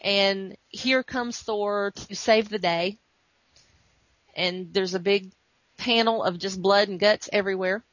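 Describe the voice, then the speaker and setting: A woman hosting a podcast retells a comic story with animation, slipping into quotes. Her voice sits at a middle pitch. The sound is muffled and dry. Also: steady tone, slow pace, a bit bright, no room sound. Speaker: podcast host. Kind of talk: casual chat recapping a comic.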